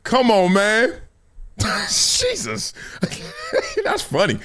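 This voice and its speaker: A man's voice: extremely high pitch, huge pitch swings, very slow, a bit bright. A man hosting a live sports show, talking in a casual, slangy, joking way and laughing often. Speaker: host.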